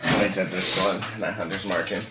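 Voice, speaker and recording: A man as a player at a tabletop game, terse and low-key. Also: steady tone, a little fast, recorded from a distance. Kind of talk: casual game table chat. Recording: dull, echoey recording with noise.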